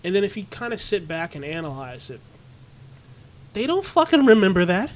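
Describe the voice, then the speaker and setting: A man co-hosting a podcast in casual chat, talking in an animated, self-mocking, profane way. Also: sits high, normal speed. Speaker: podcast co-host.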